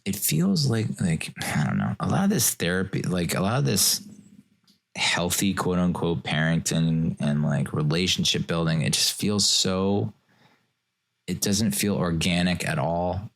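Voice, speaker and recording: A man with a very low, gravelly voice talks through a casual solo podcast. He rambles, mocks himself, and now and then slips into sarcastic, mock-formal voices. He sounds like he is in his thirties. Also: expressive, a little slow. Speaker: podcast host.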